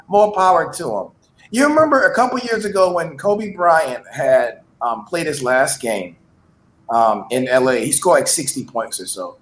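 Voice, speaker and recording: Brash high-voiced man in an echoey room. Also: fairly bright tone. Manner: laid-back, brash, swears. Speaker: entertainer. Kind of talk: casual chat.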